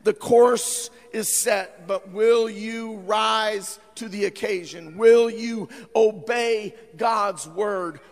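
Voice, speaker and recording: A male pastor preaching a sermon, with frequent "uh" fillers, swinging between fervent shouting and quieter appeals. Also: high-pitched, fairly even intonation, takes it slowly, few pauses. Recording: long hall reverb.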